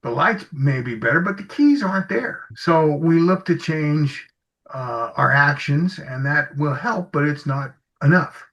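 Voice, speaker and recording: A man's voice: a little high, expressive, a little slow, a bit bright. A man being interviewed as an executive coach, telling anecdotes in an easy conversational way and acting out bits of dialogue. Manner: tells anecdotes, acts out dialogue in stories. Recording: slightly muffled audio.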